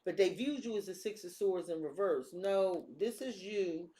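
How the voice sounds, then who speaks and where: A woman gives a casual tarot reading, blunt and streetwise, cursing freely. Her lowish voice is warm and moves at a moderate pace. The room she's recorded in is echoey.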